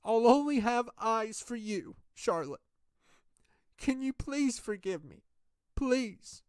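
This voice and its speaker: A woman's voice: on the high side, lively intonation, takes it slowly, darkish tone, smooth, dry recording. A woman voicing a sheepish married man caught cheating, in a wrestling game role-play, stammering and pleading.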